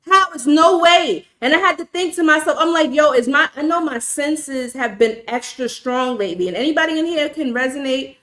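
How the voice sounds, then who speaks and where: Animated, profane New York woman storyteller. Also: high-pitched, a little fast, hardly any pauses. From New York City. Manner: animated, profane, emphatic, talks to chat. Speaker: livestream host. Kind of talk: casual livestream storytelling.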